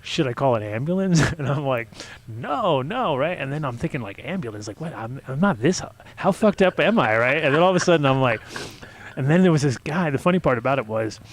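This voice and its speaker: A man hosting a casual talk show, telling a long story in a rambling, animated way and acting out his own reactions. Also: medium pitch, a little fast. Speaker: host.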